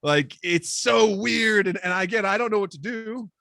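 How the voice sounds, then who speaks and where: A man spins a comic story in casual podcast chat, lively and self-deprecating, jumping into little voices for the people in it. His voice sits a touch high for a man and comes across bright and forceful, recorded close and dry. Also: normal speed, creaky, no room sound.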